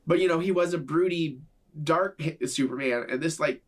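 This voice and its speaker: A man's voice: on the high side, normal speed. A man in a video reacting to a film trailer, rambling earnestly and gushing as a devoted fan. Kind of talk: enthusiastic fan reaction commentary.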